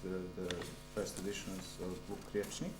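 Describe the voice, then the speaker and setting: A man gives a hesitant, formal answer as a doctoral candidate, pausing often with uh. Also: low-pitched, level tone, music in the background. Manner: hesitant, many filled pauses. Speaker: doctoral candidate defending his thesis. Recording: echoey hall with a hum.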